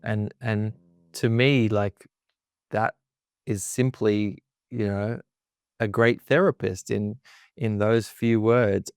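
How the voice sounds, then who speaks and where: A man co-hosting a podcast as a therapist, speaking in a gentle, reflective and affirming way. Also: fairly low pitch, fairly even intonation, slow, clean tone, dry recording, studio quality. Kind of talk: casual conversation.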